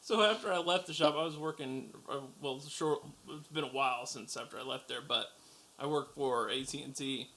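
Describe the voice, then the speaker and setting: A man's voice: medium pitch, normal speed, pushed and bright. A man co-hosting a podcast, telling loose anecdotes in casual chat and laughing often. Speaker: podcast co-host.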